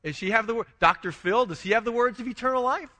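A man pastor delivers a sermon in a talky, questioning way. His voice sits high and sounds sharp and bright. A long reverb from the church hall follows each phrase. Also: fast talker. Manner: conversational preaching, frequent restarts, rhetorical questions.

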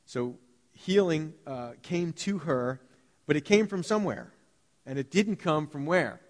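A male pastor delivers a sermon in an animated, conversational manner. He slips into quick acted-out voices while he tells the story. His voice sits a little high, and it rings with the long reverb of a church hall. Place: church sanctuary.

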